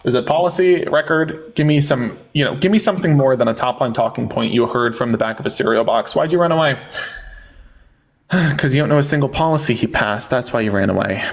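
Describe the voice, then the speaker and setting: A man in his forties hosting a heated live debate, mocking and condescending, who keeps telling his guests to calm down. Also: mid-range voice, brisk, creaky. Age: 40s.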